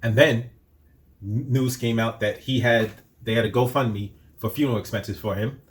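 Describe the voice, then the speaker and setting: A man's voice: medium pitch, moderate pace, slightly rough. Man firing off rhetorical questions. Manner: rhetorical, repeats questions, heated. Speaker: commentary channel host. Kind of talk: opinion commentary.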